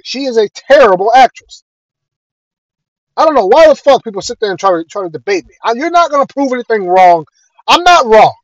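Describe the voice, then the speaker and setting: A man with a high voice rants straight at his viewers, blunt and full of swearing as he airs heated opinions. The recording is dry and close, with a slightly dull, lo-fi tone. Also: dry recording. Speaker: video creator. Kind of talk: casual rant to camera.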